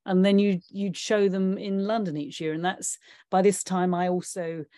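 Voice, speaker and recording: A woman's voice: medium pitch, level tone, moderate pace, dark tone, no room sound, studio quality. A woman interviewing an old acquaintance, prompting him with shared memories and laughing lightly. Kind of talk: conversational interview.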